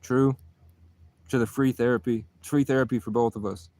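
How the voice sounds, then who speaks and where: A man's voice: medium pitch, fairly even intonation, normal speed, mellow. A man in a casual vlog monologue, talking in an intense, rambling, profane way.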